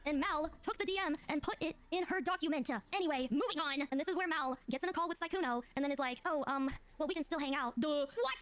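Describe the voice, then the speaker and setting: Fast-talking high-voiced woman ranting. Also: a bit bright. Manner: fast, heated ranting, reads messages aloud. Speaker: streamer co-host. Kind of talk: casual livestream commentary.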